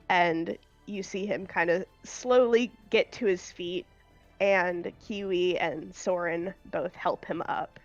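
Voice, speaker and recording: A woman running a tabletop game as game master, narrating in an unhurried way with frequent fillers and laughs. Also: mid-range voice, highs cut off, faint music behind.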